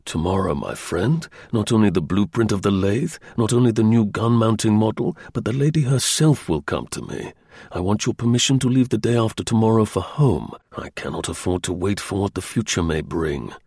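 A man voicing a confident German spy who talks in an easy, assured, confidential way, with a husky voice. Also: fairly low pitch, expressive, normal speed, a little mellow, no echo, studio quality.

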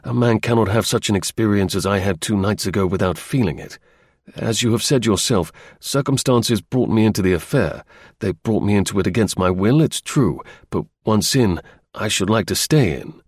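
A man reading the part of a blunt, restless young gentleman, in a clipped upper-class manner. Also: fairly low pitch, normal speed, slightly rough, dry recording, studio quality.

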